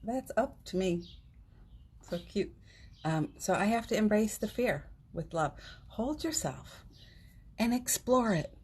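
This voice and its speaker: On a phone livestream from her home, a woman shares casual inspiration, heartfelt and rambling, with frequent fillers and restarts. Her medium-pitched voice is expressive, a little mellow and breathy, and she takes her time with long pauses.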